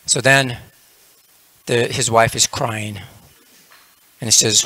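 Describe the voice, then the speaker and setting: A man's voice: mid-range voice, fairly even intonation, slow, long pauses, sharp tone, no room sound. A man leading a religious class, telling a parable casually, with frequent "you know" fillers. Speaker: lecturer in a temple class.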